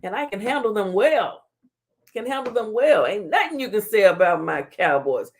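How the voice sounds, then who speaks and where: A woman hosts a casual live-stream talk show with a gravelly edge in her voice. She reads viewer comments, ribs rival fans and sprinkles in "child" and "honey". Her pitch sits in a middle range. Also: animated, moderate pace. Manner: playful trash-talking, laughing, Southern slang like "child" and "honey".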